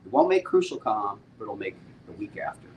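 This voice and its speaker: A middle-aged man, a comic book publisher, chatting casually and excitedly with viewers on a live stream, using laid-back slang. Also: fairly low pitch, fairly quick, a little hiss or hum, rough recording.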